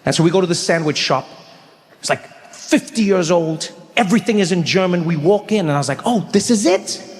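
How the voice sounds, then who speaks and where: Brief: male stand-up comic, animated storyteller, fairly high voice, long hall reverb. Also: a little fast. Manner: animated, acts out characters mid-story. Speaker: stand-up comedian.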